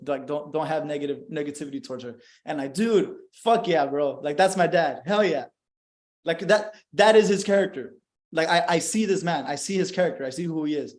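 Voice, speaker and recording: A young man talking bluntly in a casual podcast chat, swearing a lot and getting animated. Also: sits high. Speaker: podcast host.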